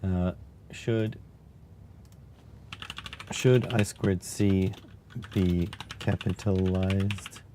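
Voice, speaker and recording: A man streaming live, chatting casually and musing aloud in a wry, unhurried way as he types. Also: low voice, fairly even intonation, dark tone, a little hiss or hum. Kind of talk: casual live-stream chat while typing.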